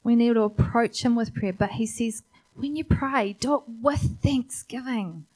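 A woman's voice: on the high side, a little slow, a little mellow. A woman preacher giving an earnest, encouraging sermon and asking rhetorical questions.

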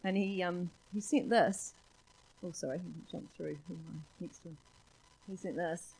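Husky New woman telling stories. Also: on the low side, measured pace, low-quality recording. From New Zealand. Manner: animated storyteller, laughs often, acts out voices. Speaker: church speaker. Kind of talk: sermon with personal storytelling.

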